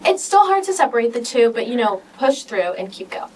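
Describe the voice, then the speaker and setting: A woman's voice: a little high, big pitch swings, fairly quick, a little mellow, far from the mic, a little hiss or hum, rough recording. A teenage girl talking casually on a podcast, telling personal stories in an emotional, rambling way full of "like.". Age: teens. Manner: emotional, rambling storytelling with many "like"s. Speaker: podcast co-host.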